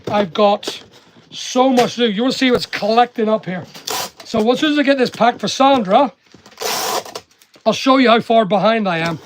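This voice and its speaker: Over a noisy background, an extremely high-pitched man talks at normal speed with long pauses. The Northern Irish-English online seller and channel host packs orders on a casual live stream, bantering with staff close by.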